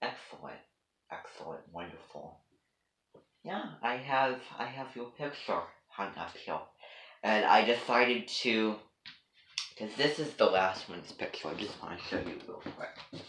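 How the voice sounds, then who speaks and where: A man's voice: on the low side, lively intonation, unhurried, fairly bright tone, roomy sound, low-quality recording. A man vlogging to camera in a rambling, hesitant way, full of ums and false starts, as if chatting with his viewers. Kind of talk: rambling one-sided chat to camera.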